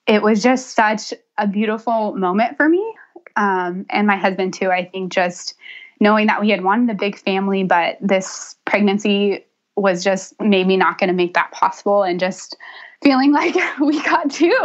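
Young woman chatting about her birth story, laughs a lot, kinda dull lo-fi audio. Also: mid-range voice. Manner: chatty, laughs often, animated quoting. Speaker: podcast guest. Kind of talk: casual interview storytelling.

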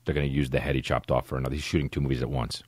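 A man's voice: a bass voice, flat delivery, very fast, darkish tone, no room sound, studio quality. A man hosting a podcast, chatting in a loose, profane, jokey way. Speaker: podcast host. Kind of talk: casual podcast chat.

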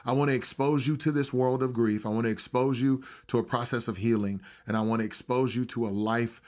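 A man's voice: medium pitch, fairly even intonation, brisk, a little mellow. A man speaking as a podcast guest in a casual interview, telling a story in an earnest, heartfelt way with frequent restarts and familiar slang. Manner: slangy and familiar, calling the hosts bro.

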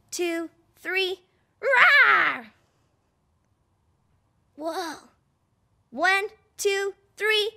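A woman voicing a chatty, excitable little boy puppet who hosts a children's show and talks straight to the viewer. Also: very high-pitched, heavily acted. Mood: playful. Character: playful little boy puppet, pre-school vlogger.

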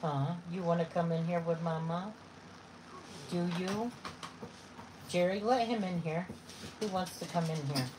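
A woman's voice: fairly low pitch, a little slow, pauses often, background noise. A woman chatting casually to viewers and doting on her dogs in baby talk. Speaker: vlogger. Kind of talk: casual chat to viewers and pets.

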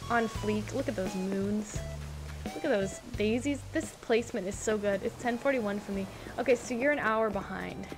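A young woman gaming vlogger tours a video game island in casual reaction commentary, gushing and repeating words as she reacts. Her voice is a little high, the audio is poor, and game background music plays behind her.

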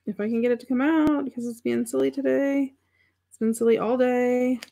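A woman's voice: fairly high pitch, fairly even intonation, brisk, creaky, mellow. A middle-aged woman hosting a crafting livestream, thinking aloud as she works and chatting with viewers about their comments. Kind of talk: casual craft demonstration chat.

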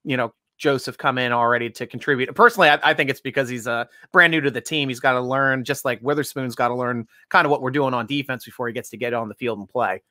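Bright, dry-sounding male host. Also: mid-range voice, quick pace, hardly any pauses, no room sound. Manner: easygoing, laughs often, reads fan questions. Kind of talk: casual sports chat.

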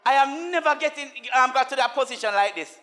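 A man preaching a sermon as a minister, mixing laughing asides with chanted, call-and-response lines and swinging from soft talk to shouts. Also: very high-pitched, lively intonation, fast.

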